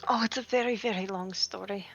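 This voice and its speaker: Husky-voiced woman playing her character. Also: mid-range voice, steady tone, fairly quick, fairly bright tone, dry recording, dull audio, soft background music. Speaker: player. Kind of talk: in-character tabletop play.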